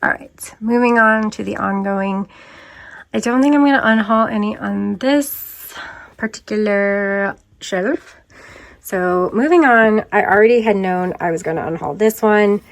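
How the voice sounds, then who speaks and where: A woman chatting casually as a vlogger, rambling and poking fun at herself. Her voice sits at an everyday middle pitch. She often drifts into softer, half-muttered asides, heard close and dry with no room sound. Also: measured pace, dry recording. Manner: rambling and self-deprecating, often trailing off into quieter asides. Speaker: manga vlogger. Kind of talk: casual chat.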